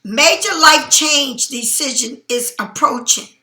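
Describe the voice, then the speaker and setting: A woman's voice: high-pitched, takes it slowly, bright, forceful tone, echoey room. A woman giving a casual tarot reading to her viewers, blunt and emphatic, swearing freely, and sleepy enough to keep yawning. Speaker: tarot card reader.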